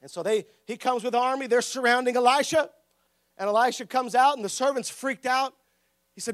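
A man preaching a lively sermon with humor, laughing often, shouting for emphasis and acting out the people in his stories. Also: very high-pitched, a little fast. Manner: acts out quoted voices.

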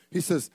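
An older man preaching a sermon, joking and acting out voices, with sudden loud bursts. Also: dry recording. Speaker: pastor.

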